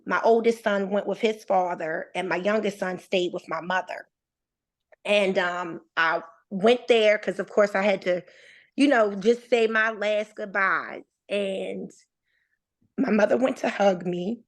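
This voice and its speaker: A woman in her thirties with a mid-range voice and measured pace tells a personal story as a podcast guest, in a casual conversational style. She's a lively storyteller who voices the people she quotes.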